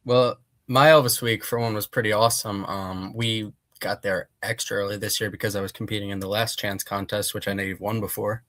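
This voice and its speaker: Young male guest from Pennsylvania, lowish voice, dry close sound, easygoing storyteller. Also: fairly even intonation, a little fast, hardly any pauses, fairly bright tone, dry recording. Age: young adult. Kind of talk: casual interview answers.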